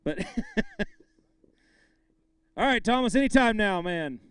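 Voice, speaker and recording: A man's voice: sits high, huge pitch swings, takes it slowly, fairly bright tone, smooth, no echo. A man emceeing a live fishing tournament weigh-in, bantering with anglers and calling out the weights with bursts of hype.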